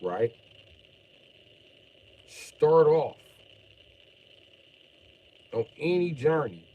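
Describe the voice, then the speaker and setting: A middle-aged man ranting bluntly and profanely on a live stream, jumping from mutters to sudden shouts while joking around. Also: on the high side, big pitch swings, extremely slow, narrow, tinny audio. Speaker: livestreamer.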